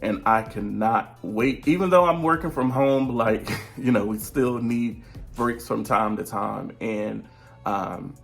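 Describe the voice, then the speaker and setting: Here a vlogger who also teaches virtually, a man in his thirties, sits at home and talks to his viewers in a relaxed vlog update. He takes it slowly in a creaky, lowish voice while faint music plays behind. The talk is chatty and drifts off topic, broken often by laughter mid-sentence.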